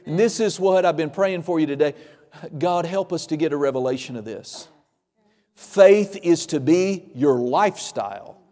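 A man delivers a sermon from the pulpit, hammering his points through repetition and folksy asides. His voice sits a little high for a man. The sound rings out with long reverb, as in a large church hall. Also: warm tone. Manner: emphatic, repetitive, folksy humor. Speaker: pastor.

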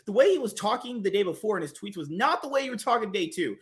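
A man's voice: high-pitched, animated, fast talker, fairly bright tone. A man talking as a guest on a podcast, casual and emphatic, repeating words and swearing now and then.

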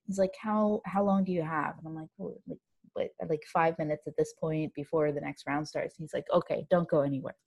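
A woman's voice: low-pitched, fairly quick, creaky, dry recording. Chatty woman telling a story. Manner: animated, run-on storytelling with many fillers. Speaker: co-host. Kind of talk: casual chat, storytelling.

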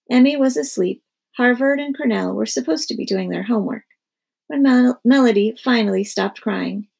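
A woman reading a children's story aloud with expressive narration. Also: mid-range voice, creaky, husky.

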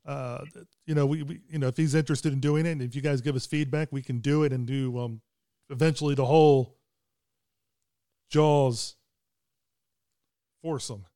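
A man's voice: mid-range voice, fairly even intonation, normal speed, long pauses, mellow, dry recording, clean studio sound. Hesitant middle-aged male podcast host. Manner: hesitant, with many restarts and fillers. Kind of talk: casual movie podcast chat.

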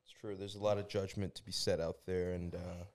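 A man hosting a casual podcast chat, relaxed and swearing freely as he asks questions. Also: deep voice, brisk.

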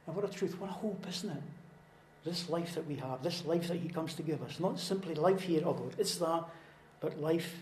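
A man preaching with earnest conviction, his slightly high voice swelling into emphatic, repeated declarations. The sound carries the roomy echo of a church hall. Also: darkish tone, a little hiss or hum. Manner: earnest, repetitive, rising to emphatic proclamation. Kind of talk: sermon.

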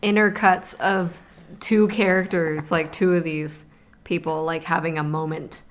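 Woman on a movie podcast, kinda low voice, sarcastic, lots of "like". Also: fairly even intonation, measured pace. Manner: sarcastic, filler-heavy. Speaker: podcast co-host. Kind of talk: casual movie review chat.

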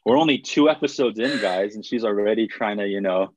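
A man's voice: lowish voice, brisk, crowd noise, rough recording. A young man co-hosting a podcast over a video call, chatting casually and jokingly with lots of fillers. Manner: joking, rambling with many fillers. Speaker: podcast co-host. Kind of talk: casual chat.

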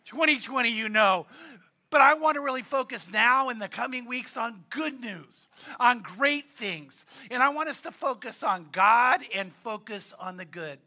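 Bright, high-voiced male pastor. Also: expressive, measured pace. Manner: conversational, joking, repeats key lines. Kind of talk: sermon.

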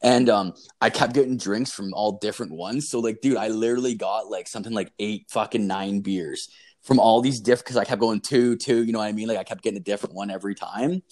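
A man's voice: fairly low pitch, brisk, a little mellow. A young man hosting a podcast, telling a long story in casual chat, rambling and swearing constantly with lots of "like" and "dude". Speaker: podcast host.

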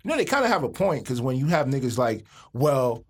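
A husky man talks on a podcast with lively swings in his voice. He is opinionated and slangy and stumbles over repeated words when he gets fired up. The delivery is casual and animated. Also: medium pitch, fast. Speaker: podcast co-host. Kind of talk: casual chat.

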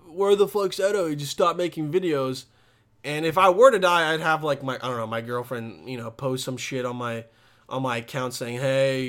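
A young man ranting in a casual vlog, profane and rambling, getting animated. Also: fairly high pitch. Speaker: vlogger.

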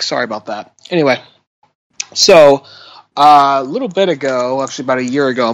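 A man's voice: medium pitch, fairly bright tone, no echo, rough recording. A man co-hosting a podcast in casual chat, rambling loosely and laughing often. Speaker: podcast co-host.

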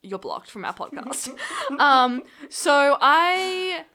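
A woman's voice: high-pitched, sing-song, drawn-out words, pushed and bright. A woman in her twenties co-hosting a podcast, chatting casually, swearing freely and laughing often. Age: 20s. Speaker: podcast co-host. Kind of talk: casual chat.

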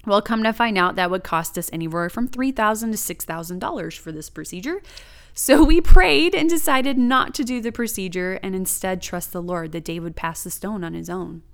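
Woman, earnest testimony, emphatic teaching, fry in the voice, mid pitch. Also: normal speed. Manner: earnest, emphatic, sharing a faith story. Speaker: Christian speaker.

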